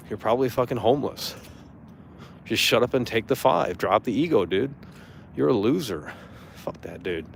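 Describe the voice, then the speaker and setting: A man's voice: fairly low pitch, creaky, slight background noise. A man ranting angrily in casual talk, swearing freely and mocking someone who annoyed him. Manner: angry, profane ranting; mocking impressions in a raised voice. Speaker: streamer.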